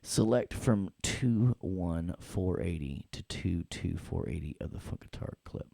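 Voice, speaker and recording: A man teaching an audio software class in a playful, joking way, talking the students through each step. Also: low-pitched, animated, measured pace, vocal fry, no echo, clean studio sound. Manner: playful, jokey, talks to the class. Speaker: audio production instructor. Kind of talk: live classroom software tutorial.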